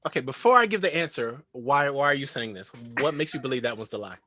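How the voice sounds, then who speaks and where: A man co-hosting a casual chat show, telling an animated story and acting out what others said. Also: medium pitch, quick pace, dry recording. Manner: animated storyteller, acts out quotes. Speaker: co-host.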